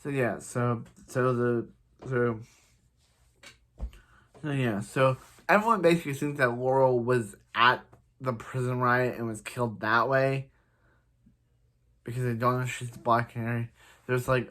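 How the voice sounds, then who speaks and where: A man's voice: medium pitch, unhurried, a bit bright. Rambling, exasperated male TV reviewer. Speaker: TV show reviewer. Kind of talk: casual episode recap.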